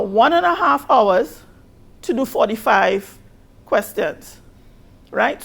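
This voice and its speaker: A woman with a Caribbean accent teaches a biology exam review. Her voice sits high and carries a gravelly edge. She rereads each question slowly and presses on the key words. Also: fairly bright tone. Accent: Caribbean English. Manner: patient, repeats questions slowly with emphasis.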